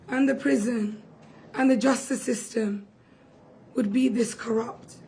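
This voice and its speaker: A young woman, hoarse and losing her voice, giving an impassioned, urgent speech at a press conference about a relative on hunger strike. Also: a little high, darkish tone, rough recording.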